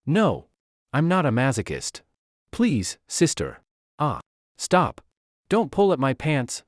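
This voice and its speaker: A man's voice: mid-range voice, huge pitch swings, slow, dry recording, clean studio sound, voice pushed up. A man voicing a flustered young man who protests nervously and stammers. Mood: pleading.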